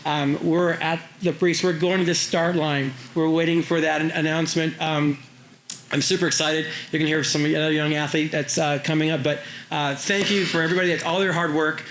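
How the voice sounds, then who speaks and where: A man, an Olympic champion, giving halting, emotional remarks at a public event, with many fillers and restarts. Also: fairly high pitch, little pitch movement, fairly bright tone, a little hiss or hum. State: choked up with emotion. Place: airport event space. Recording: echoey event hall.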